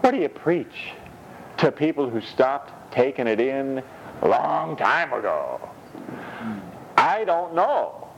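A man preaching a sermon in a lively, humorous way, laughing often and slipping into high mock voices when he quotes scripture. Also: slow, creaky, pauses often, muffled recording, slight background noise. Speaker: pastor.

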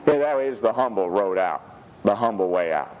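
A male pastor preaching a sermon in an animated way, dropping frequent amens. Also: lowish voice, moderate pace, lo-fi sound, a little hiss or hum. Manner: animated, punctuates with "amen".

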